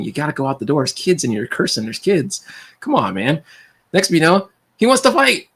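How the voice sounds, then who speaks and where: A man hosting a livestream, rambling through animated anecdotes and quoting people in his stories. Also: fairly high pitch, brisk, husky. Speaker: livestream host. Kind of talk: casual storytelling chat.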